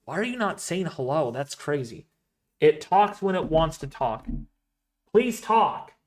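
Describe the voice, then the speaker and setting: Chatty, excitable male weather streamer. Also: on the high side, moderate pace. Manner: chatty, excitable, rambling asides. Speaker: weather livestream host. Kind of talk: casual live-stream weather commentary.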